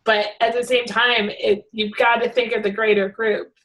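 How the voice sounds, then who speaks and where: Chatty, rambling woman with a raised pitch. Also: moderate pace, poor audio. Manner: rambling, animated, many fillers. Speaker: hangout organizer. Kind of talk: casual group video call.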